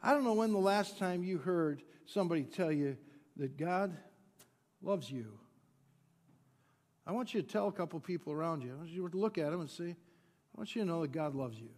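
A male pastor delivering a sermon, swinging from loud emphatic peaks to quiet low drops, with playful asides to the congregation. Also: expressive, normal speed, long pauses. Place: church sanctuary. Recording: long church hall reverb.

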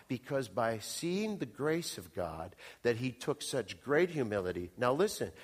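A male pastor delivers an impassioned sermon, throwing questions out to the congregation. His voice rings through a church hall with a long reverb tail. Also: mid-range voice. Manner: impassioned preaching, calls out to the congregation.

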